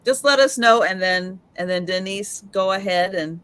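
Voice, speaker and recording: A woman's voice: mid-range voice, normal speed, a bit bright, smooth, dry recording. A woman co-hosting a live sale, chatty and guiding the others through items. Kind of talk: casual live sale chat.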